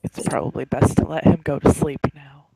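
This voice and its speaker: A man calmly narrating his character's actions in a spoken role-play. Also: on the high side, brisk, creaky, husky, low-quality recording.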